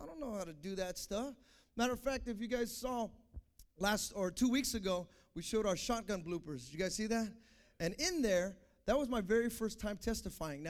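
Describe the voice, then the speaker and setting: A young man preaching a sermon, swinging from fervent shouted calls to the congregation to quiet, confessional stories. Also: high voice. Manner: impassioned, builds to shouting, then quiet and confessional.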